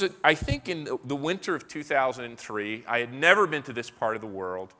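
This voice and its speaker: Bright-voiced American man in a hall. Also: mid-range voice. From United States. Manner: anecdotal, with frequent restarts and repeated words. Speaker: keynote speaker. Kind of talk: storytelling lecture to a live audience. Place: large hall at an evening business event. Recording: live talk with long hall reverb.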